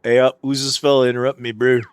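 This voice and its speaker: A man's voice: medium pitch, level tone, fast, clean tone, natural voice. A man voicing a grumpy, blustering tentacle monster in a put-on British accent. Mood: annoyed. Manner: blustering, threatening, working-class slang. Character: grumpy tentacle monster guarding his tea cozy.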